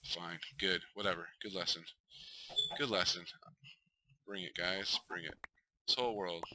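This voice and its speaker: Male gamer, lowish voice, casual mutter-to-self commentary, noisy home recording. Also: steady tone, unhurried, long pauses. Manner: talks to himself, mutters, flares up in frustration. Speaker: gamer streaming a survival game.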